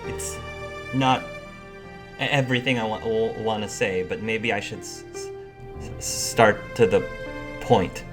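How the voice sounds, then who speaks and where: A man voicing a timid young male student who stutters heavily and climbs higher in pitch when flustered. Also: over music, lightly acted. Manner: stuttering, halting, rises high when flustered.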